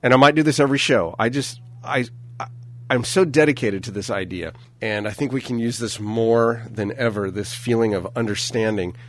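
A man hosting a casual radio talk show in a studio, hoarse and breathy from a lingering cough, playful and chatty. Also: mid-range voice, moderate pace. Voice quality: scratchy, breathy. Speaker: radio host. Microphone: studio mic.

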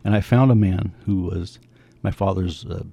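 A man in his seventies telling his family's story in a conversation, lively and acting out the voices of people he quotes. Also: low-pitched, moderate pace, creaky, slightly rough, dry recording, lo-fi sound. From United States. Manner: animated, acts out quoted voices.

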